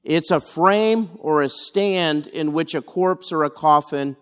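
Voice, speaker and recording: A man speaking as a pastor, teaching a verse-by-verse Bible study in an unhurried, explanatory way with dramatic pauses. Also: a little high, clean tone.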